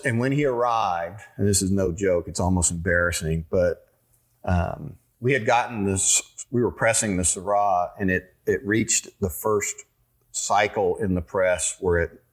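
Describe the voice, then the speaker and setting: Deep-voiced man telling stories. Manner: folksy, rambling, many fillers and restarts. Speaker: winery owner. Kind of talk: casual storytelling in a podcast interview.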